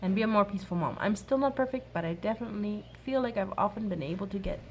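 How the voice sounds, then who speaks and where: Casting note: woman in her thirties, mid pitch, sincere and soft-spoken, faint hiss behind her. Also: fast. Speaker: mom sharing a workshop talk. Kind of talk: gentle faith-based advice talk.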